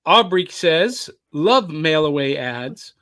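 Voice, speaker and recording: A man's voice: a little high, animated, takes it slowly, bright, forceful tone, no echo. A man hosting a podcast on a live stream, chatting casually and reading viewer comments aloud. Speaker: podcast host.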